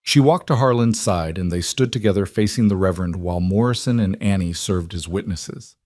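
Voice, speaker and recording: A man narrating a western romance story in a calm, measured scripted reading. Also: low voice, no room sound, clean studio sound.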